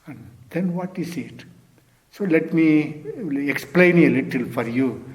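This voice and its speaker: A man's voice: fairly high pitch, slow pace. An older man from India, giving a Zen dharma talk as teacher, repeating key words and posing rhetorical questions to his listeners.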